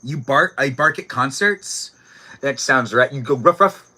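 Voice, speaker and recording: A man's voice: mid-range voice, unhurried, sharp tone. A man hosting a casual live stream outdoors, chatting playfully with viewers and reading their comments aloud. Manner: playful, jokey, talks to chat by name, barks and giggles on request. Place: outdoors, cold evening.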